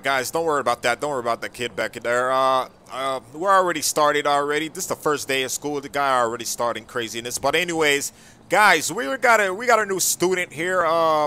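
Bright-voiced hesitant role-play teacher man. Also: on the high side, clear, resonant tone. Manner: hesitant, full of uh fillers and restarts.

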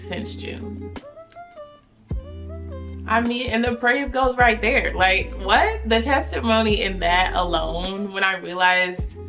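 A woman talks straight to her viewers in a casual vlog, her voice bright and clear. She tells her story in a chatty, expressive way, leaning on her faith. Soft music plays faintly behind her. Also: medium pitch, unhurried, hardly any pauses. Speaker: vlogger.

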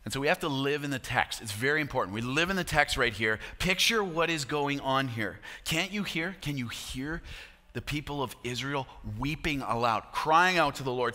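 A man's voice: medium pitch, animated, moderate pace, pushed and bright, big-room sound. A man pastor preaching a sermon in a church, emphatic and repeating key phrases.

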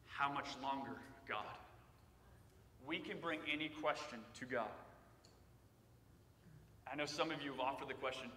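A man preaching in a church sanctuary, his voice high and bright. He talks conversationally, then builds to loud cries on the passages he quotes. The sound rings with a long, echoey church reverb. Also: normal speed, long pauses, recorded from a distance, slight background noise. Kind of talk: sermon.

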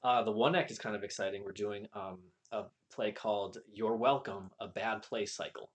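Easygoing low-voiced male guest. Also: moderate pace. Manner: relaxed and easygoing, short replies. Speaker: high school theater teacher, guest. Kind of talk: casual chat. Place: basement studio.

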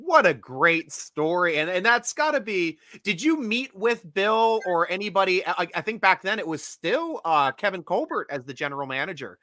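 A man's voice: high-pitched, big pitch swings, normal speed, hardly any pauses, bright, forceful tone, no echo. A man co-hosting an interview, asking follow-up questions with eager interjections. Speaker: co-host. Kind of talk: casual interview chat.

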